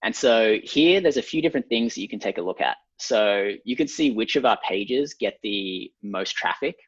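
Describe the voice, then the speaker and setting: An Australian man with a lowish, husky voice talks through marketing numbers in a steady, methodical way, pausing on ums. The room sounds dry and close, and the audio is a little dull and lo-fi. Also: dry recording. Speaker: ad consultant guest. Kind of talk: explaining a screen walkthrough.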